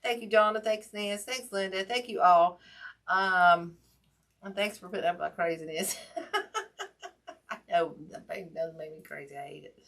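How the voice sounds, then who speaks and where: A woman's voice: on the low side, moderate pace, fairly bright tone. Chatty woman hosting a craft livestream. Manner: chatty and folksy, many ums, greets viewers by name. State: in pain from a hurt hand. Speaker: wreath-making livestream host. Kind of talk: casual livestream chat while crafting.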